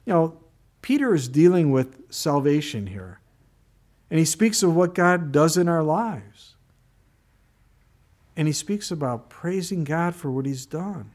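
A man pastor giving a sermon, moving from Bible teaching into a lively personal story. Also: sits high, measured pace. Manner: storytelling, animated in anecdotes.

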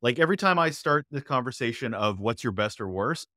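Lively conversational male podcast host. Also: medium pitch, fairly quick, dry recording, studio quality. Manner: appreciative, conversational. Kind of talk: podcast interview.

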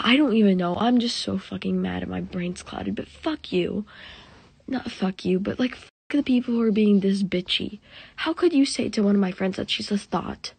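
A woman delivering an impassioned, profane rant as a vlogger, swinging from hushed talk to angry shouting. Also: medium pitch, creaky, husky, no room sound.

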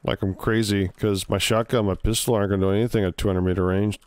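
A man's voice: on the low side, steady tone, fast, a little mellow, smooth, no echo, studio quality, natural voice. A man putting on a joking Canadian accent to voice a clueless soldier rambling about his useless shotgun. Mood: goofy. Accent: put-on Canadian. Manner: rambling, folksy, mocking.

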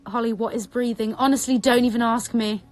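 A young woman, chatting excitedly on a live stream from her bedroom, breathless and repeating herself. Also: a little high, fairly quick. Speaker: social media creator on a live stream. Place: bedroom at home.

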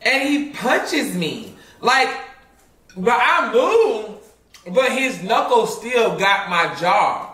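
A man's voice: very high-pitched, very animated, very slow, pushed and bright. A man telling a story with lots of animation and laughter, swearing and mimicking other people. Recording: echoey room, mic far off.

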